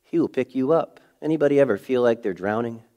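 Talking fast in an animated, mid-range voice, a middle-aged pastor preaches conversationally. He fills the sermon with rhetorical questions and swings between loud emphasis and hushed moments.

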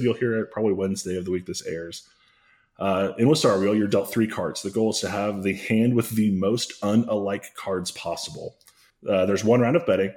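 A man's voice: fairly low pitch, darkish tone. A man hosting a comedy podcast, recapping a story in a rambling, self-correcting way with dry jokes. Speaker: podcast host.

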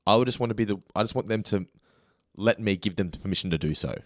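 A man's voice: lowish voice, fast talker, no echo, clean studio sound. A man in his thirties hosting a podcast in casual chat, laughing easily and stumbling over words. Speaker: podcast host.

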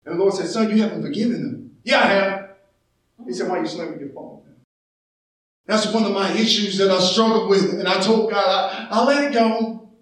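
Man, preacher, high voice, impassioned sermon, shouting at times, far from the mic. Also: brisk. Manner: impassioned, calls out to the congregation, often shouting. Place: church. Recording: echoey church sound from far off.

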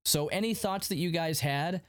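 A man's voice: a little high, moderate pace, dry recording, studio quality. A man hosting a casual podcast chat, animatedly retelling a TV episode and paraphrasing the characters' lines. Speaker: podcast host recapping a TV episode.

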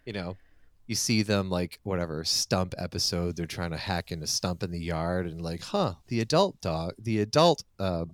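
A man's voice: sits low, moderate pace, no echo, clean studio sound. A man in his thirties from the United States, chatting and joking as a podcast co-host. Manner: animated, joking, swears casually. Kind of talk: casual chat.

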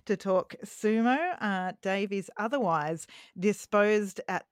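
A woman's voice: mid-range voice, slow pace, no echo, studio quality. A woman hosting a casual podcast, chatting and teasing her co-host. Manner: playful, teasing.

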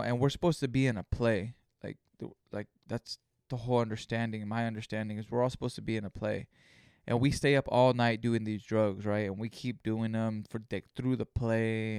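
A man's voice: medium pitch, darkish tone, clean tone, dry recording, studio quality. Man rambling on a solo podcast. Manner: rambling storytelling, heavy swearing. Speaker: podcast host. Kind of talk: casual solo podcast monologue.

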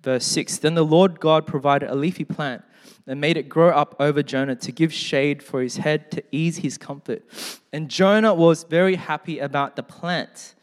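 A man in a fairly high register delivers a relaxed, conversational sermon, slipping joking asides in between passages of scripture he reads aloud. His voice rings out in a church hall with a long, trailing reverb. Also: normal speed. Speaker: pastor.

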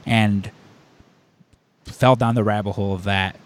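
A man's voice: fairly low pitch, measured pace, no room sound. A man hosting a podcast, talking casually and rambling with lots of filler words as he tells a story. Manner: animated storyteller. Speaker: podcast host. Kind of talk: casual chat.

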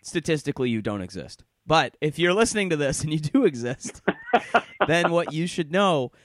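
A man co-hosting a podcast in casual chat, animated and profane, who slips into character voices as he talks. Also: fairly high pitch, moderate pace. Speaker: podcast co-host.

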